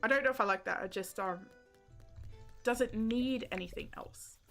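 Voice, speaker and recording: A woman's voice: a little high, moderate pace, a bit bright, faint music behind. A woman, casually chatting with viewers while live-streaming a game, joking about herself and laughing often. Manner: self-deprecating, giggly, chats with viewers.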